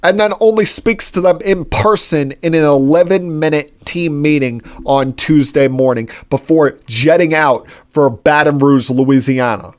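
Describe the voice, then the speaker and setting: A man's voice: fairly high pitch, measured pace, few pauses. A man hosting a solo sports-talk podcast, giving opinionated, indignant commentary with frequent filler words. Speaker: podcast host.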